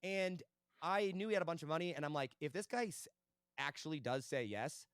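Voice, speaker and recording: A young man speaks fast and eagerly as an interview guest, recounting his business deals. His voice sits a little high, and the recording is dry and close. He keeps checking in with "right?" as he goes. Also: expressive, clear, resonant tone, dry recording. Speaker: podcast guest, entrepreneur. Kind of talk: casual interview storytelling.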